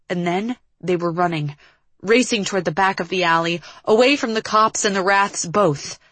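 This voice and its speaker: A woman reading a tense action story aloud as an audiobook narrator, in a steady storytelling manner. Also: lowish voice, no room sound. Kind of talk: scripted narration.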